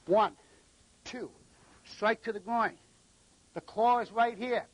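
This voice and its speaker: A man's voice: high voice, takes it slowly, highs cut off. A middle-aged man from New England, a martial arts instructor who gives short commands and counts out the moves during a live demonstration.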